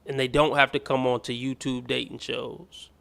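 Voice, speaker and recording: A man's voice: mid-range voice, little pitch movement, moderate pace, gravelly, a bit bright. A man hosting a commentary stream, reacting bluntly and scornfully to clips, with some profanity. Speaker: host.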